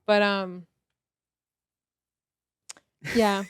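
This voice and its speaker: A woman talking casually on a podcast, blunt and frank with a swear or two. Her voice sits at an average pitch for a woman. The sound is dry and close. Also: level tone, drawn-out words, clean tone, no room sound. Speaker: podcast co-host. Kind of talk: casual chat.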